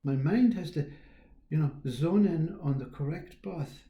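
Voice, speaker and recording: A man gives a slow, reflective spiritual talk with a very dark, mellow tone. His voice has a gravelly fry, and he muses aloud, trailing off and restarting. The sound carries a roomy echo. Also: fairly high pitch. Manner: unhurried, musing, trailing off and restarting, quiet chuckles. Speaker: spiritual teacher.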